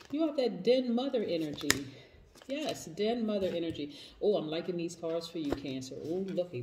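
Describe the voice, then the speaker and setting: A woman's voice: lowish voice, lively intonation, moderate pace. A woman giving a spoken tarot reading, enthusiastic and repeating affirmations of yes. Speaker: tarot reader. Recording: echoey room, voice off-mic, faint noise.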